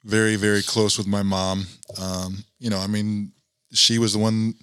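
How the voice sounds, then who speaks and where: A man's voice: on the low side, flat delivery, normal speed, fairly bright tone, clean tone, no room sound, studio quality. A middle-aged man recounting a painful memory in an interview, earnest and reflective, with many fillers. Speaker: guest. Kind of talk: personal storytelling in an interview.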